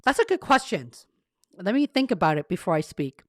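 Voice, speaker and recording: A woman hosting a casual career-coaching live stream, talking straight to her viewers in a friendly, rambling way. She reads their comments aloud and laughs at herself as she goes. Her voice sits at a middle pitch, recorded close and dry with no room echo. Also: very animated, brisk. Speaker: career coach and livestream host. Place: carpeted home room treated to cut echo.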